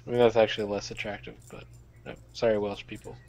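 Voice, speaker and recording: A man's voice: lowish voice, flat delivery, fast, vocal fry, darkish tone, low-quality recording. A man playing a tabletop game, chatting casually in a joking, playful way. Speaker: player.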